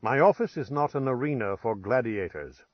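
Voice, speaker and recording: A man's voice: medium pitch, animated, moderate pace, dry recording, dull audio, lightly acted. A man doing a stern, formal detective. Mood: severe. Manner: severe, precise, formal diction.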